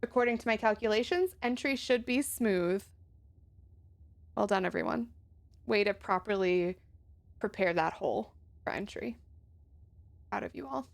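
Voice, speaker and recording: A woman voicing a calm, formal older spaceship officer while reading game dialogue aloud. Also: medium pitch, unhurried, vocal fry, pauses often, no room sound, pitched below the performer's own voice. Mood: deadpan.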